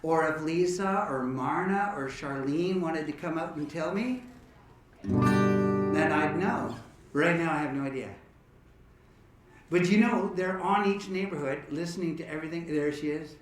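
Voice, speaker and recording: Male entertainer-host, high voice, chatty and jokey; echoey room with a guitar behind. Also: moderate pace. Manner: chatty, joking, rambling. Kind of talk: casual banter with an audience. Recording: roomy echo from a distant mic, guitar.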